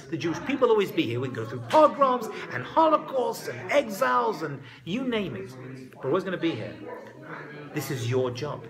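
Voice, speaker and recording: A man giving a lively lecture that retells a biblical story, talking conversationally and dropping joking asides. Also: high voice. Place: live talk before an audience. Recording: live talk with audible audience.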